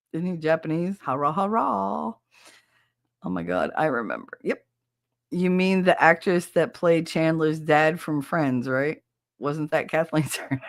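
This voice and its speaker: A middle-aged New woman hosts a loose, chatty show, laughing a lot and cursing without a second thought. Her voice sits on the low side, recorded dry and close with no room sound. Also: dry recording. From North Jersey. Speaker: podcast host. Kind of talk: casual chat reading live comments.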